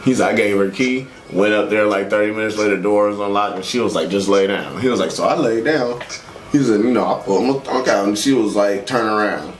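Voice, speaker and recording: A man doing stand-up, telling a crude story in a loose, animated way and voicing his friends' lines. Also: lowish voice, fast talker, echoey room, a little hiss or hum. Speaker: stand-up comedian.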